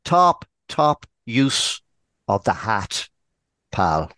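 A man co-hosting a podcast in casual chat, laughing often and telling jokes with animated delivery. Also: on the low side, very slow, no room sound. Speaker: podcast co-host.

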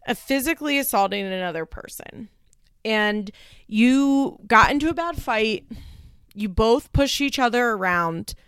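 A woman's voice: medium pitch, a bit bright, no room sound, clean studio sound. A woman casually recapping a reality show, opinionated and rambling, quoting people as she goes. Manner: opinionated, rambling, quotes people mid-sentence. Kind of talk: casual chat.

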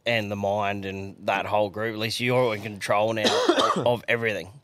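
A man's voice: lowish voice, lively intonation, normal speed, fairly bright tone, smooth, no room sound. A young Australian man co-hosting a casual podcast, blunt and reminiscing, swearing freely. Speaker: podcast co-host.

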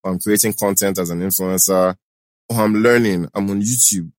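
A Nigerian man with a lowish voice, talking confidently and giving advice in a relaxed chat. He drifts between English and pidgin. The recording is dry and close. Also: normal speed, no echo. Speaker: actor and event host, guest. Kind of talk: casual chat.

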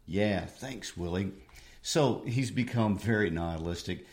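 A man teaching literature, explaining a play in a measured way. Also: on the low side, a little mellow. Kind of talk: discussion of a play. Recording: echoey room.

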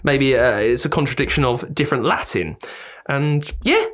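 A man's voice: medium pitch, animated, moderate pace, a bit bright. A British man co-hosting a podcast in casual, teasing chat. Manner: teasing, jumpy, exaggerated. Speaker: podcast co-host.

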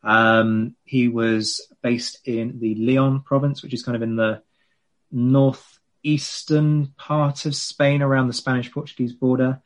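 A man's voice: medium pitch, flat delivery, takes it slowly. A man, a former teacher, co-hosting a casual history chat, explaining in a lecturing tone with fillers. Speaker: podcast co-host, former teacher.

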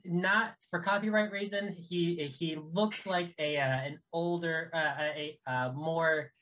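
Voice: mid-range voice, fairly even intonation, measured pace, fairly bright tone. A tabletop game player describing a character, hesitant and full of joking asides.

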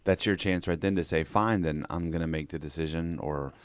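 Deep-voiced calm man giving advice. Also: a little fast, no room sound, studio quality. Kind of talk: podcast conversation, giving advice.

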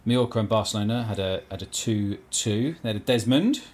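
A man on a casual football podcast, reading out results as a halting list and stumbling over team names. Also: on the low side, a little mellow. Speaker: podcast co-host.

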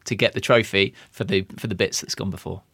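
A man's voice: sits low, steady tone, fairly quick, gravelly, a bit bright, no room sound, studio quality. A man hosting an interview, prompting his guest with conversational questions. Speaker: podcast host.

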